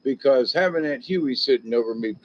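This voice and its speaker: A man's voice: medium pitch, brisk, slight background noise. A man rambling through a casual monologue, chuckling and self-mocking in a folksy way. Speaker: commentary vlogger. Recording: dull lo-fi home recording.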